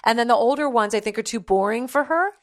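A middle-aged woman, a guest in a casual chat, talking in an animated and gossipy way and quickly chiming in. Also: a little high.

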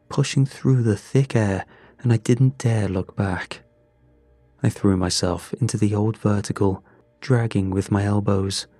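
A man giving scripted horror narration in a slow, measured, grim first-person telling. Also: fairly low pitch, dark tone, dry recording.

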